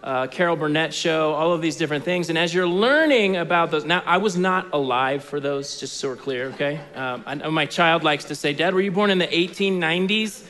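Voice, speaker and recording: A middle-aged pastor preaching a sermon in a relaxed, story-telling way, full of fillers and restarts, in a large church hall. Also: male voice, a little high, fairly quick, few pauses. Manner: conversational storytelling with many fillers. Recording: echoey hall reverb.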